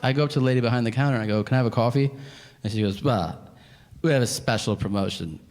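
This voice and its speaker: A man's voice: medium pitch, fast talker, a little mellow, a little hiss or hum. A male stand-up comedian telling profane stories on stage, acting out the back-and-forth of each exchange. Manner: profane storyteller acting out exchanges in quoted voices. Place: comedy stage before a live audience.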